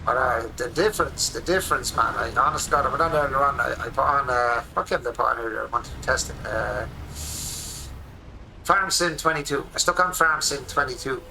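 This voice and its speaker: An Irish man in his forties, a streamer rambling excitedly through casual commentary while he plays a game at his home desk. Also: mid-range voice, a little fast, vocal fry, noisy background. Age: 40s.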